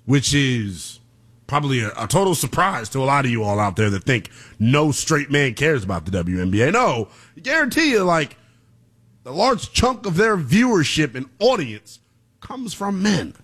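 A man hosting a call-in sports talk show, emphatic and quick to laugh. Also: mid-range voice, big pitch swings, a bit bright, slightly rough. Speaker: sports radio host.

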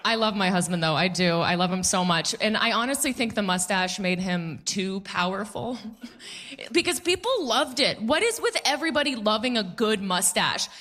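A woman in her thirties performing a stand-up comedy set on a club stage, animated, acting out quoted voices and laughing at her own jokes. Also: mid-range voice, moderate pace.

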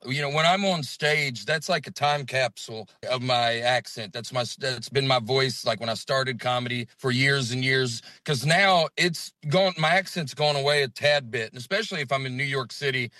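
A Southern-accented man talks as a comedian guest in a relaxed interview. His voice is bright and forceful, and he tells his stories in quick, animated bursts. The sound is dry and close. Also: medium pitch, no room sound. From Alabama. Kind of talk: casual interview chat.

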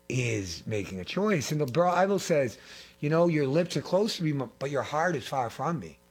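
High-voiced husky fervent preacher man. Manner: fervent, repeats phrases, swings between loud and hushed. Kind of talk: impassioned sermon.

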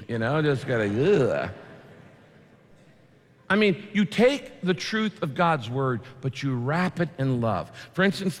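A man preaching a sermon in a conversational way, with vivid asides and quick shifts in delivery. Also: sits high, fairly bright tone. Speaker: pastor. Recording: long hall reverb.

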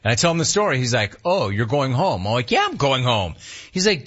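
Radio host, male, husky, spins a frustrated story with acted-out quotes; slightly muffled audio. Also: medium pitch, brisk. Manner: animated, exasperated retelling with quoted voices. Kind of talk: casual storytelling on air.

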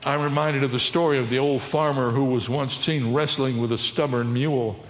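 A man's voice: medium pitch, fairly even intonation, normal speed. A man preaching a sermon as a pastor, teaching and putting questions to his congregation. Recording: echoey hall with long reverb.

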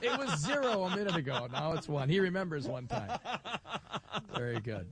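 A middle-aged man hosting live radio from a county fair. His voice sits a little high and swings widely in pitch as he spins an animated story, slipping into other people's voices. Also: moderate pace, a loud crowd. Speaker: radio talk show host. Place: outdoor broadcast booth at a county fair.

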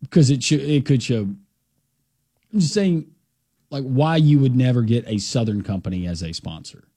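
Gravelly, husky man co-hosting sports talk. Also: mid-range voice, lively intonation, mellow, no room sound, clean studio sound. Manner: joking, chimes in with quick asides. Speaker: sports radio co-host.

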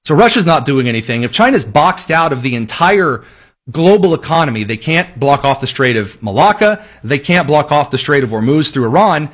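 A man's voice: fairly high pitch, sing-song, normal speed, slightly rough. A man delivering a political commentary monologue, sarcastic, with long listing sentences.

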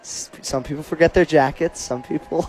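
A man with a fairly high voice co-hosts a radio show, joking around loosely with his partner. He trips over his words and breaks into laughs, keeping the banter playful. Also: fairly even intonation, moderate pace, rough recording. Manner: playful, stumbling, laughs often. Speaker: radio co-host. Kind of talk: casual on-air banter.

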